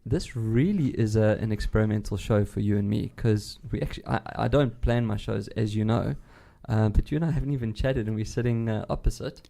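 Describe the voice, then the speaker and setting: A man with a South African accent hosting a radio tech show, chatting loudly and rambling with frequent restarts in a studio. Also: lowish voice, a little fast, creaky, hardly any pauses. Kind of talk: casual radio chat.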